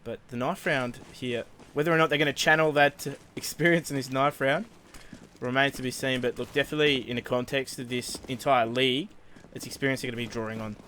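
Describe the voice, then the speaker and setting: A man giving relaxed play-by-play commentary on an esports match. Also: medium pitch, quick pace, a little hiss or hum. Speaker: esports caster.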